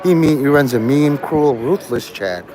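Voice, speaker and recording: A man's voice: a little high, lively intonation, moderate pace, a little mellow, rough recording. A man hosting a livestream, talking to his chat in a crude, rambling way and laughing at his own jokes. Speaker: livestream host.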